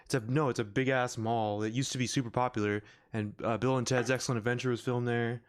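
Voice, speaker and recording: A man's voice: medium pitch, fairly even intonation, fast talker, smooth. A man hosting a podcast in casual chat, rambling and full of fillers, laughing often. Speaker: podcast host. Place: podcast recording room.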